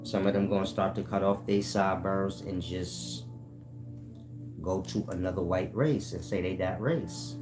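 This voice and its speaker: Man, lowish voice, casual profane explainer with faint music under it. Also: fairly even intonation, unhurried. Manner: profane, keeps asking "you get my point?"; addresses listeners as "y'all". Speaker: channel host.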